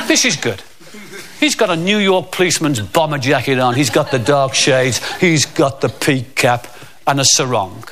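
A man telling a stand-up comedy anecdote in an animated way, acting out the characters as he goes. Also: fairly high pitch, moderate pace. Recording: loud background noise.

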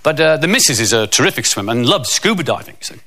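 Brief: middle-aged man, comic storyteller, bright lively voice, faint hiss. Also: medium pitch, fast. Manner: rambling, self-mocking, with tag asides.

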